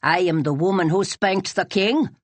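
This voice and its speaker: A woman reading as a dignified old Highland Scottish widow, deep and rich-voiced, speaking with a slow, formal lilt. The recording is close and dry, with no room around it. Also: no room sound, lightly acted. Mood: stately. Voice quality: rich, lowered voice. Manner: formal, lilting old-fashioned phrasing. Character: stately old Highland Scotswoman, proud and strange.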